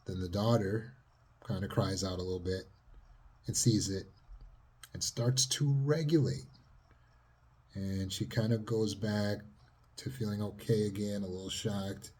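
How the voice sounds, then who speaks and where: Male trauma coach, low and warm, heavily husky, calm teaching delivery. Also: a little slow, long pauses. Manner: calm, steady, sometimes dropping to a near whisper. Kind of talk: teaching monologue.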